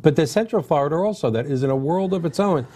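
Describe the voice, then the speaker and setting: A man's voice: fairly high pitch, lively intonation, fast talker, warm tone. A middle-aged man from New York hosting a casual chat, joking and asking his guest questions. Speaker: host. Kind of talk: casual talk show chat.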